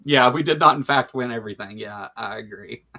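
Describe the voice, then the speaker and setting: A man's voice: medium pitch, fairly quick, pushed and bright. A man co-hosting a casual political talk show, reading out quotes and laughing along. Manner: reads quotes aloud, laughs often. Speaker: podcast co-host.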